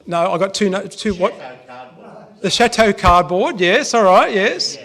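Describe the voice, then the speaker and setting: A man's voice: high-pitched, lively intonation, measured pace, fairly bright tone. A man with an Australian accent preaching a casual, chatty sermon in a church, joking with the congregation.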